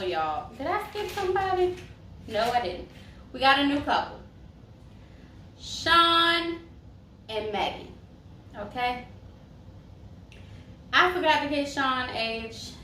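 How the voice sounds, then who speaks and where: A young woman dishes reality-show gossip in a chatty, sassy way, wandering off on tangents. Her voice sits a little high. It bounces around an echoey room with a faint hiss underneath. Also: fairly bright tone. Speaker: reality TV reviewer. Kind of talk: casual chat. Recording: roomy echo, mic far off, faint hiss.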